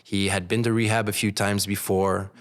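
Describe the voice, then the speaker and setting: Male podcast guest, 30s, low voice, candid and animated storyteller. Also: moderate pace. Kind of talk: casual storytelling.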